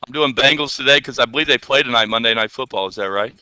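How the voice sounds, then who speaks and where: A man teaching a classroom software lesson, chatty and playful, often checking the class with questions. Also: medium pitch, quick pace, clear, resonant tone.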